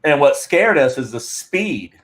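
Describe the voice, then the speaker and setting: Man telling a rambling, animated story. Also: fairly high pitch, unhurried. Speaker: guest Bigfoot researcher. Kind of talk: casual podcast chat.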